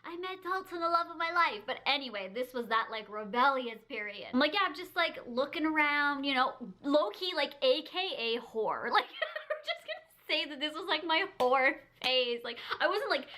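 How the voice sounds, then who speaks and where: A woman vlogger casually telling a personal story to camera, chatty, full of "like" and quick giggles. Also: high voice, expressive, pushed and bright. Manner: chatty, heavy use of "like", frequent giggles.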